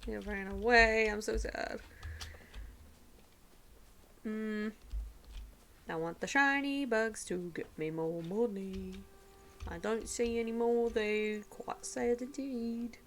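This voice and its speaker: A woman streaming a video game from home, chatting casually with a giggly manner and dipping into soft, whispery asides. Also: fairly high pitch, slow pace, long pauses, a little hiss or hum. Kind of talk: casual gameplay commentary.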